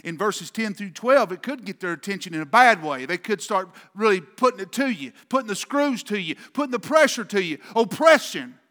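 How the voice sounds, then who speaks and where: A man's voice: high-pitched, lively intonation, fairly quick, few pauses, bright, forceful tone, in a large hall. A man pastor preaching a sermon with an emphatic, repetitive cadence, speaking in a church sanctuary.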